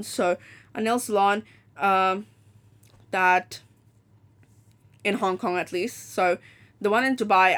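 A woman's voice: mid-range voice, a bit bright. A woman hosting a podcast, telling a story in a casual rant, blunt and profane, and acting out the people she quotes. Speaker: podcast host.

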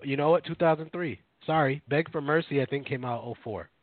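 A man's voice: fairly high pitch, brisk, dry recording. A man co-hosting a casual radio show, rambling with lots of fillers and self-corrections. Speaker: podcast co-host. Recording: dry, phone-like narrow sound.

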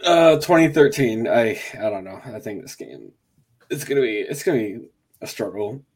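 A man's voice: medium pitch, sing-song, moderate pace, darkish tone, slightly rough. A man on a casual sports podcast panel, making brief, offhand comments.

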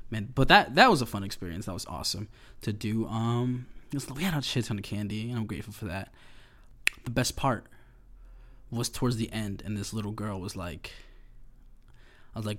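Young male vlogger, mid-pitch, slangy and animated, sugar-high chatter. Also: fast talker. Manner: animated, slangy, laughs often. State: hyped up on sugar. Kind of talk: casual rambling monologue.

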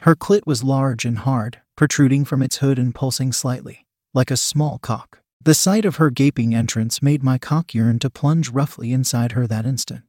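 A man narrating a first-person erotic story in a steady, unhurried reading voice. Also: mid-range voice, no room sound, studio quality.

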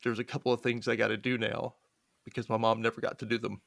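Fast and gravelly, a man's mid-range voice comes through clean studio sound with no room noise. As a guest, he recounts family stories in casual talk, laughing often and imitating the people he quotes.

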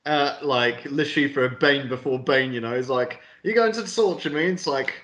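A man's voice: medium pitch, fairly bright tone, reverberant. A man co-hosting a film review podcast, rambling and swearing in casual chat. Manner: rambling, swears, quick asides. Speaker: podcast co-host.

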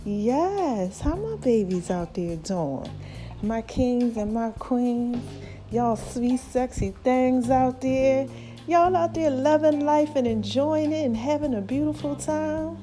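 A woman's voice: high voice, slow, mellow, soft background music. A woman hosting her own podcast, talking to listeners in an affectionate, preachy way while slightly out of breath. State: slightly out of breath, swollen throat. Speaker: podcast host. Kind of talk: casual motivational monologue.

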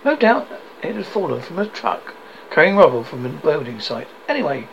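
A man's voice: a little high, sing-song, moderate pace, gravelly, a bit bright, highs cut off, slight background noise, exaggerated voice. Man reading a worried, evasive young man. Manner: plays things down.

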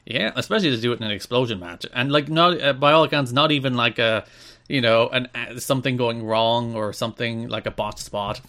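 A man's voice: medium pitch, fairly quick, a bit bright. A man with an Irish accent co-hosting a podcast, reading out news items and then riffing on them casually. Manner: reads news items then riffs loosely. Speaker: podcast co-host. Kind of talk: casual chat.

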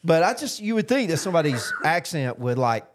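Laughing Southern podcast co-host. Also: male voice, on the high side, very animated, a little fast, noisy background. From Alabama. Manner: laughs often, rambling with restarts. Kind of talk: casual chat.

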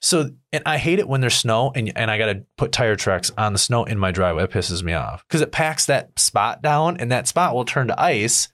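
A man in casual chat telling a profane, irritated story about his neighbor, acting out his rants in a much higher voice. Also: expressive, moderate pace, hardly any pauses, fairly bright tone.

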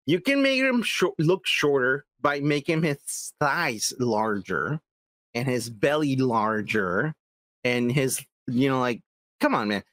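Animated man ranting in a dry room. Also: medium pitch, slow pace, no echo. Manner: emphatic, heavy swearing, repeats "come on, man". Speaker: podcast co-host. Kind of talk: casual chat.

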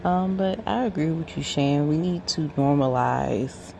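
A woman caller speaks slowly in a gravelly voice, pausing often with fillers. Faint noise and vehicle sounds hum behind her. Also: low voice, lo-fi sound. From Atlanta. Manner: halting, with many fillers.

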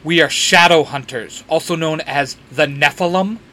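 A man's voice: a little high, moderate pace, sharp tone. A man doing a stern young warrior.

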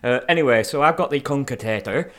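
A man with a Lancashire accent co-hosting a podcast in relaxed, joking casual chat, swearing casually. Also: medium pitch, quick pace, noisy background. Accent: Lancashire English. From Lancashire, England. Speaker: podcast co-host.

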